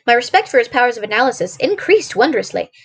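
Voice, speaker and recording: A woman narrates an old detective novel for her stream, steady and even with the odd stumble. Her voice is husky and sits a little high, with a breathy edge. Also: fast talker. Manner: steady narration with small slips. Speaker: streamer reading aloud. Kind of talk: storybook reading on a stream.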